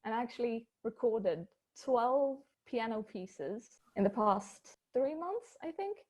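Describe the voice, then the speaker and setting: Fast-talking woman guest on a video call. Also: a little high, animated. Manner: fast, chatty, laughs often.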